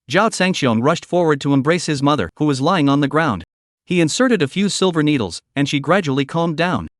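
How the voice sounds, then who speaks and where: A man's voice: a little high, expressive, fairly quick, dry recording, clean studio sound. A man narrating a dramatic story recap in a scripted storytelling style.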